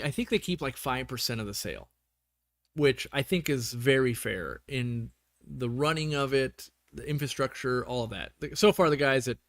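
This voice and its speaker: A man's voice: medium pitch, fairly bright tone, no echo, studio quality. A man hosting a casual livestream chat, rambling and often restarting his sentences, saying he is losing his voice. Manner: rambling, self-correcting, with many restarts. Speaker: livestream host.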